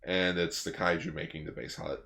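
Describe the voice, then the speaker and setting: Young dude cohost, low voice, chill and dry. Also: male voice, level tone, brisk, pushed and bright. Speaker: podcast co-host. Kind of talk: casual chat recapping an episode.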